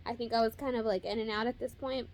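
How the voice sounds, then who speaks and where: A woman's voice: a little high, steady tone, a little mellow, a little hiss or hum. Emotional young woman retelling her birth. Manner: emotional, fast-paced retelling with many fillers. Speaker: vlogger telling her birth story. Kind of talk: casual personal storytelling.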